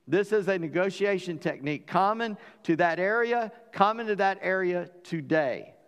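Animated Southern pastor in a reverberant hall. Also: male voice, high-pitched, moderate pace, clean tone. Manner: animated, acting out dialogue in voices. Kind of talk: sermon.

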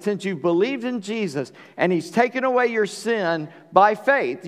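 A man preaching a sermon as pastor, earnest, swinging between loud emphasis and hushed passages. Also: on the high side. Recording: long reverb of a church hall.

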